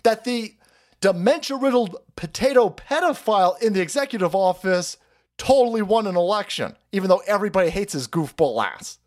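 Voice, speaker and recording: Profane high-pitched ranting male streamer. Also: lively intonation, a little fast. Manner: loud, profane, mocking, swings between shouts and mutters. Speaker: political stream host. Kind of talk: ranting live-stream commentary.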